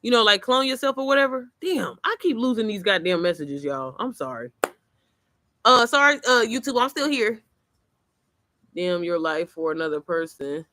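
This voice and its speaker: Bright-voiced woman, animated chatty vlog, curses and laughs a lot, dry close mic. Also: a little high, moderate pace, no echo. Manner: animated, swearing, laughing storyteller. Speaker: vlogger. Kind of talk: casual chat to camera. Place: outdoors, then inside. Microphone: computer mic.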